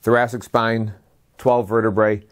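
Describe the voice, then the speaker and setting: A man's voice: fairly low pitch, level tone, unhurried. A man giving a slide lecture as a medical lecturer. He lists terms one by one in a methodical way and adds brief dry asides.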